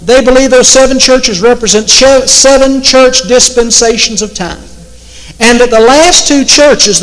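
A man preaching in a very high voice, drawing out his words slowly and with emphasis. He leans hard on the scripture he quotes. His voice rings through a hall with a long echo. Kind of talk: sermon.

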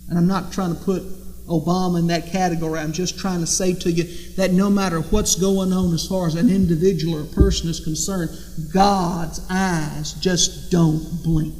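A man's voice: high voice, steady tone, brisk, a little mellow. A man preaching a sermon, emphatic and repetitive, firing off rhetorical questions. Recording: long reverb in a hall.

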